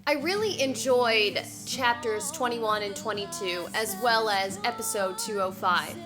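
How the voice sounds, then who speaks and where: A woman's voice: medium pitch, measured pace, over music. A woman hosting a vlog, chatting casually as she compares a book with its show and retells the plot with easygoing hedges. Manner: retells plot conversationally with hedging fillers.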